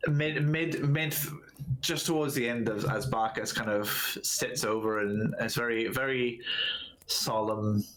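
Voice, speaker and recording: A man running a tabletop game as dungeon master, voicing the world in an easy, mid-pitched tone. He talks in loose, rambling runs and keeps restarting his lines. A faint hiss of noise sits under the recording. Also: fairly even intonation, measured pace. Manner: rambling, restarts and laughs while narrating.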